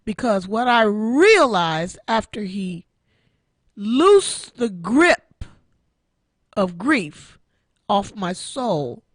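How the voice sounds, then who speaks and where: A woman's voice: mid-range voice, very animated, drawn-out words, pauses often, no room sound, studio quality. A woman in her sixties hosting an online radio show, giving an emotional personal testimony and repeating her phrases like a preacher. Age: 60s. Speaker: internet radio show host.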